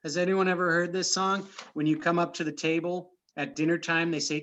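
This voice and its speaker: A man's voice: fairly high pitch, little pitch movement, a little fast, hardly any pauses, a bit bright. A man hosting a casual chat over a computer mic, rambling and often interrupting himself. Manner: rambling, chatty, self-interrupting. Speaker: host.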